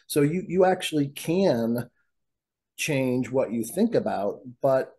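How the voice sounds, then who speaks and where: A man with a mellow, slightly husky voice speaks as a guest on a podcast. He explains his ideas in a reflective, unhurried way. He often pauses on fillers. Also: mid-range voice, animated. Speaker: physician guest. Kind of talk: conversational podcast interview.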